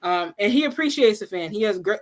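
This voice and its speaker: A woman hosting a casual livestream, telling a story in an animated, laughing way and acting out what people said. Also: mid-range voice, fairly quick. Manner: animated, laughing storyteller who acts out quotes. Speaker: livestream host.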